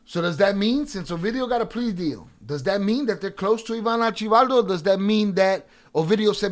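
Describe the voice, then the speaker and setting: A man with a slightly high voice hosts a livestream. He argues with the chat in a profane, confrontational way and calls out viewers by name. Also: lively intonation, fairly quick. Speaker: livestream reaction host.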